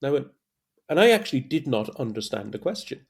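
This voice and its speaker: A middle-aged man, a podcast guest, telling stories in a lively, animated way, full of restarts. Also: mid-range voice, quick pace, creaky, slightly rough. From Ireland. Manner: animated storytelling, many restarts. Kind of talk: casual podcast conversation.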